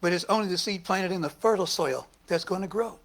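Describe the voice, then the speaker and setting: A man preaching a sermon as minister, lively and talking back and forth with the congregation. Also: high-pitched, fast talker. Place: church service.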